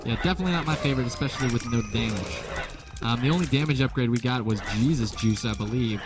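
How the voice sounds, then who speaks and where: A young let's play commentator talks fast with lively intonation in a medium-pitched voice. His gameplay commentary is casual and rambling, jokey and self-deprecating, with game music behind him.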